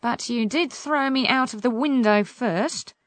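A woman's voice: on the high side, a little slow, no room sound, pitched above the performer's own voice, close to an everyday voice. A woman reading a gallant young prince. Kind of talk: storybook reading. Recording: music playing behind.

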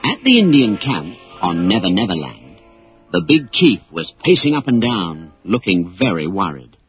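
A man reading a children's story aloud as narrator, in an expressive storybook style. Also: low voice, moderate pace, faint music behind, low-quality recording. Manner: animated, expressive read-aloud.

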